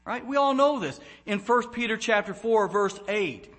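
A man's voice: high-pitched, lively intonation, normal speed, a bit bright. A male pastor giving a brief devotional challenge to a congregation, earnest and emphatic when quoting scripture.

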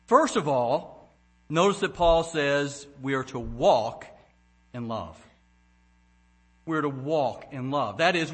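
A man's voice: medium pitch, a bit bright. A male pastor giving a brief devotional challenge to a congregation, earnest and emphatic when quoting scripture.

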